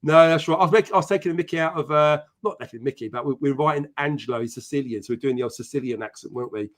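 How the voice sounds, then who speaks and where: Male host, brisk and profane, slightly high voice, reeling off viewer shout-outs. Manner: chatty and profane, greeting viewers by name. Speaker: podcast host. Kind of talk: casual live-stream chat.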